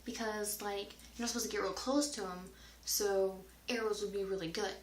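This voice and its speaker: A woman's voice: medium pitch, fairly even intonation, moderate pace, slight background noise. A woman answering viewer questions in a casual, rambling vlog, sometimes dropping to a whisper. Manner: rambling, chatty, drifts into whispers at times. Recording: roomy echo.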